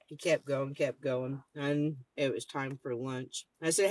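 A woman's voice: rumbling low, unhurried, hardly any pauses, no echo. A woman host telling a long story in casual talk, blunt and swearing freely, acting out the other people's lines as she goes. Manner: blunt, heavily profane, animated retelling with quoted dialogue. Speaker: podcast host.

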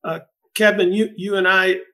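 A middle-aged man who is both a podcast host and a greenhouse researcher leads a conversational interview. His voice sits high with a sharp tone and flat delivery at normal speed, and he speaks thoughtfully, with frequent restarts and fillers.

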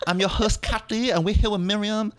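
A man putting on a high, sing-song voice as a vain, boastful woman host character, with broken grammar. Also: fairly even intonation, brisk, fairly bright tone, a little hiss or hum. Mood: preening.

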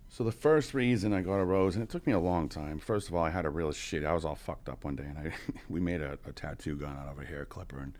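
A man's voice: rumbling low, quick pace, hardly any pauses, a little mellow. A man in his forties, a podcast guest, telling his story in a casual, profane way, full of "you know" and chuckles. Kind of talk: candid storytelling.

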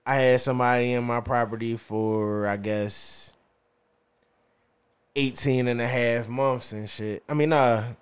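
A man's voice: mid-range voice, steady tone, unhurried, clean tone. A man hosting a casual podcast chat, rambling and circling back with "you know what I'm saying" as he tells a story. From Philadelphia. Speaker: podcast host. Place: podcast studio.

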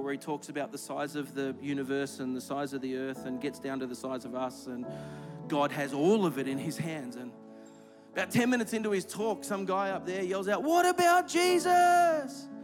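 A man's voice: a little high, fairly quick. A man preaching a sermon as pastor in a large church, building to emphatic, repeated phrases and leading a prayer. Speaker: executive pastor. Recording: clear music playing under the voice.

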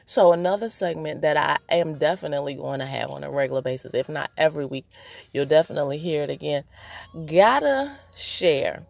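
A woman hosts her own podcast, chatting casually and playfully straight to her listeners. Her voice sits a little low for a woman, and she laughs easily between points. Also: expressive, fairly quick, creaky, a little mellow. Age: adult, married. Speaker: podcast host. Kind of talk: casual solo podcast chat.

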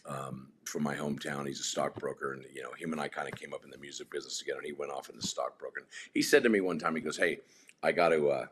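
A man with an extremely deep voice tells loose, rambling stories in a casual podcast chat. He often stops and restarts his sentences. A faint hum sits behind him. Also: steady tone, fast talker. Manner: rambling anecdotes with many restarts. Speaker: guest.

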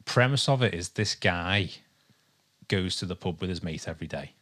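A man's voice: low voice, lively intonation, normal speed, a bit bright. A young man from England co-hosting a podcast in casual chat, rambling and hesitant with lots of ums. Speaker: podcast co-host.

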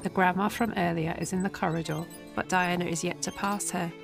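A woman narrating an audio drama, reading scene directions in a steady voice. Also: on the low side, brisk, gravelly, over music.

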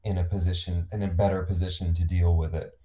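A man's voice: sits low, little pitch movement, fast, warm tone. A man co-hosting a casual sports podcast, dry and wry, hesitant with fillers. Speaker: podcast co-host.

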